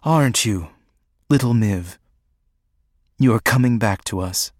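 A man voicing a powerful, motherly woman with a deep, soft, musical voice, speaking tenderly and steadily in an audiobook. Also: unhurried, no echo, studio quality, close to an everyday voice. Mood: gentle.

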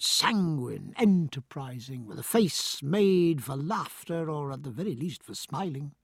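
A male audiobook narrator reads with a lively, rising and falling delivery. His voice is slightly husky, and the close recording is dry with no room sound. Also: on the high side, no room sound. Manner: measured, expressive storytelling. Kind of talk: scripted narration.

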